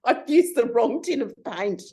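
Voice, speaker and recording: In a relaxed interview, a middle-aged photography consultant from Australia shares animated stories, often starting over mid-sentence. Her voice is a little high, and she talks at a normal speed.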